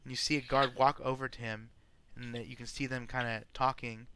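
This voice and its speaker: A man narrating as game master in an online tabletop game, talking in halting bits with many restarts. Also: mid-range voice, flat delivery, pushed and bright, slight background noise.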